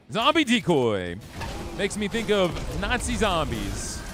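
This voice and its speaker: A man streaming a game live, with hiccups, his somewhat high voice swinging widely in pitch as he chats, reacts and laughs. Game music plays clearly behind him. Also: wildly swooping pitch, slow. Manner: chatty, reads chat aloud, reacts and laughs. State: has hiccups. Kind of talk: live gameplay commentary.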